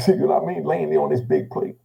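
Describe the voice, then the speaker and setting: Gravelly older man telling his story. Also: huge pitch swings, quick pace, low-quality recording. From Jamaica. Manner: gravelly, repeating "you know what I mean" after each thought; drops low and quiet when he quotes himself. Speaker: channel host telling his own story. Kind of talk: casual emotional storytelling.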